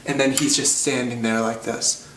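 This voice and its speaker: A man tells a stand-up story, rambling and poking fun at himself with plenty of fillers. His voice sits at a middling pitch. It bounces around a roomy space, picked up from a distant mic over a faint background hum. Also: steady tone, normal speed, fairly bright tone. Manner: rambling, self-deprecating, filler-heavy. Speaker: comedian, storyteller.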